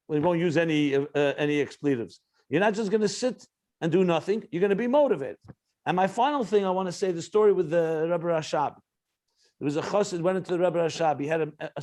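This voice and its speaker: A rabbi giving a spoken Torah class, his voice a little higher than most men's. He talks earnestly, weaves stories into the teaching, and often restarts his sentences as he thinks aloud. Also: brisk, darkish tone. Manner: earnest, storytelling, frequent restarts.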